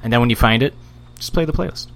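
A man's voice: mid-range voice, quick pace, gravelly, a little hiss or hum. A man hosting a casual podcast, joking around and stumbling over his words. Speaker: podcast host.

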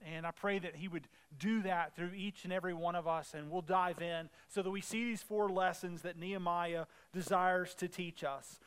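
A man preaching a sermon, retelling scripture in a casual way and acting out the dialogue, getting louder and more emphatic as he goes. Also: high-pitched, steady tone, normal speed, hardly any pauses, clear, resonant tone. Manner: conversational preaching, acts out biblical dialogue. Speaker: pastor.

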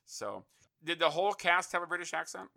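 Male host, very bright and forceful tone, casual rambling interview style. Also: on the high side, expressive, a little fast, gravelly. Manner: rambling, repeats words while thinking.

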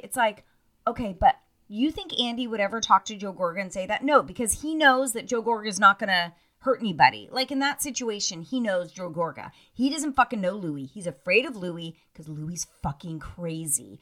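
A woman's voice: mid-range voice, brisk. A woman co-hosting a podcast over a video call, chatting casually and profanely, mocking people with put-on voices. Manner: animated, profane, mocking mimicry of cast members. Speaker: podcast co-host. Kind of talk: casual chat about reality TV.

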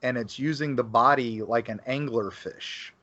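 A man's voice: mid-range voice, moderate pace, pushed and bright, dry recording. A man talking as a podcast guest about local folklore, rambling with many fillers and restarts. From Florida. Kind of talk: casual podcast conversation. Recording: dull lo-fi, dry sound.

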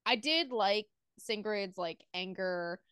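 A young woman co-hosting a casual book club podcast, rambling excitably with lots of fillers and reading passages aloud. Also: medium pitch, slow pace, clear, resonant tone, no room sound, studio quality.

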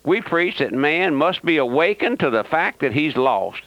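A man's voice: on the high side, sing-song, moderate pace, no echo. Southern male radio preacher, emphatic and repetitive, dry close mic on a lo-fi broadcast. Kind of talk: radio sermon.

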